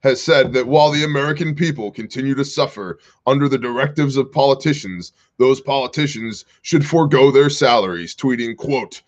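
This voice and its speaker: A man's voice: mid-range voice, moderate pace, few pauses, muffled recording. A man from Kansas hosting a casual livestream commentary show, mixing sarcastic asides with reading viewer comments. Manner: wry, sarcastic asides, reads chat comments aloud.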